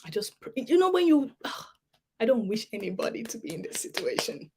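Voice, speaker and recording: A woman giving an emotional personal testimony at a summit, halting and repeating words as she pleads earnestly with listeners. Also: a little high, sing-song, creaky, background noise. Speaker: summit speaker.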